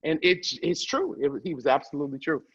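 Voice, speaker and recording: A woman comedian telling stories as a guest, loud and profane, quick to laugh. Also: deep voice, big pitch swings, slightly rough, lo-fi sound. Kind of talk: animated storytelling.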